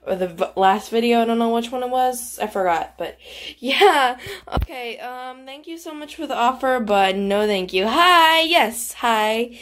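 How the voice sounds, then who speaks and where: A woman's voice: fairly high pitch, unhurried, fairly bright tone. A bubbly, giggly woman chatting through casual gameplay commentary as the host, her voice fading now and then. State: voice keeps fading. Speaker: YouTuber host.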